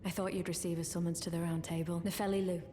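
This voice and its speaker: An actress playing a reserved young female warrior in video game dialogue, speaking calmly. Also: fairly low pitch, quick pace, crowd noise, close to an everyday voice. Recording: quiet game audio with reverb.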